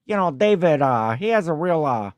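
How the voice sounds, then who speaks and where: A man's voice: on the high side, big pitch swings, moderate pace, no echo, studio quality. A man hosting a casual livestream chat, rambling through stories and reading out viewer comments. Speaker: livestream host.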